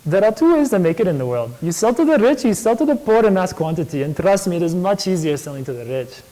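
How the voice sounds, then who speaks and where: A man's voice: high-pitched, very animated, fast talker, mellow, pitched above the performer's own voice, poor audio. A man imitating a wealthy businessman, giving confident advice. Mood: advising. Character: wealthy self-assured Indian businessman, adult.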